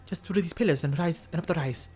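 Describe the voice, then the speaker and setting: A man's voice: fairly high pitch, quick pace, a little mellow, soft background music, voice pushed up, close to an everyday voice. A man reading a polite tribeswoman's game lines aloud in a put-on accent, stumbling over some words. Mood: worried.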